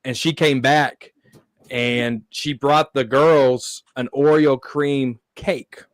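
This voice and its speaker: A man's voice: medium pitch, fairly even intonation, takes it slowly, no echo. A man cohosting a casual livestream, cursing freely and wisecracking as he tells stories. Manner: profane, storytelling, wisecracking. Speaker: podcast host.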